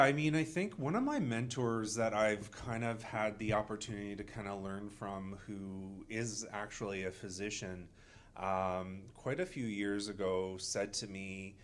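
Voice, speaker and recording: A man, a chiropractor co-host who hedges and fills his talk with "kinda" and "you know". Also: lowish voice. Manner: hedging, many fillers like "kinda" and "you know". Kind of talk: casual podcast chat.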